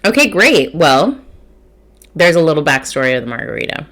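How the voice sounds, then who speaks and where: A woman's voice: sits low, sing-song, brisk, fairly bright tone. A woman in her thirties from Texas hosting a casual food and wine podcast, chatty, self-mocking and swearing freely while she eats. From Mission, Texas. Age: 30s. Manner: eating and tasting while talking. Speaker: podcast host.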